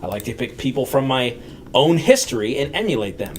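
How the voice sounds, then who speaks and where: A man's voice: mid-range voice, sing-song, brisk, slight background noise. A man with a mid-range voice co-hosts a tabletop game livestream. He talks casually and loosely, in an upbeat, chatty way. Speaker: co-host of a tabletop game channel.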